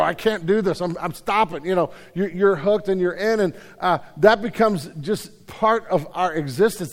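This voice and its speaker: A man's voice: high voice, in a large hall. A man preaching a conversational sermon, self-deprecating, with many repeated starts. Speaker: pastor. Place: church hall.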